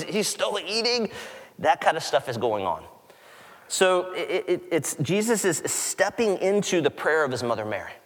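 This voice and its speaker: Brief: male pastor, mid-pitched, lively conversational sermon delivery, long reverb from a large hall. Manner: conversational, animated storytelling with quick asides.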